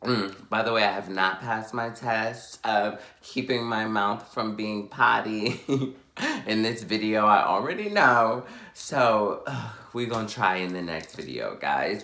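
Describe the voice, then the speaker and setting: A young man vlogging, telling a personal story in a sassy, animated, dramatic way. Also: on the low side, measured pace. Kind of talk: casual storytelling. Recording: echoey room, faint background noise.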